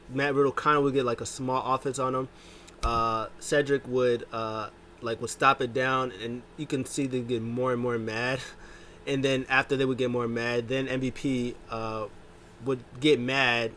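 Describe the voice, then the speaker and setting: A man casually recapping a wrestling show, telling it with lively jumps into quoted lines. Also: a little hiss or hum. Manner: animated retelling, jumps pitch to quote wrestlers.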